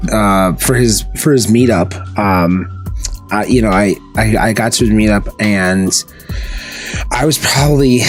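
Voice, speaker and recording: A man hosting a gaming podcast, chatting casually and often searching for words with fillers. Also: lowish voice. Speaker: podcast host. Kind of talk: casual interview chat.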